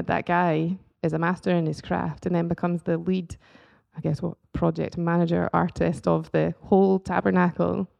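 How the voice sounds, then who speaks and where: A woman artist talking as a guest in a casual chat about faith and creativity, with a soft, gravelly voice. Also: lowish voice.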